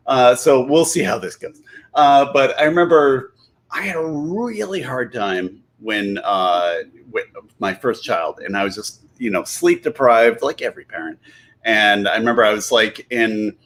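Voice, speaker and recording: A man's voice: medium pitch, lively intonation, unhurried, a bit bright. A man in his thirties, a comedian guest, telling a story while a bit tipsy, rambling, cutting himself off and laughing mid-sentence.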